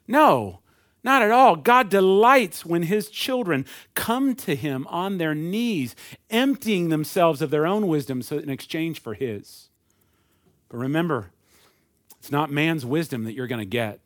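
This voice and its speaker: A man's voice: a little high, lively intonation, measured pace, dry recording, studio quality. A man preaching a sermon in a conversational way, asking the congregation questions and acting out the voices of people. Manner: conversational preaching with rhetorical questions and acted asides. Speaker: pastor.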